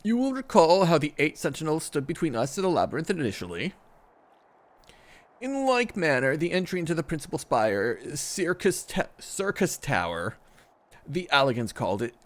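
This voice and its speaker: A man's voice: fairly high pitch, very animated, moderate pace. A man reading aloud as a formal, worried older male scholar, with archaic phrasing and occasional stumbles. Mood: earnest.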